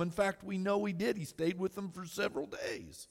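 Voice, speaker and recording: A man preaching a sermon as pastor, swinging from shouted exhortation to quiet storytelling. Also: sits high, brisk, hardly any pauses. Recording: long hall reverb.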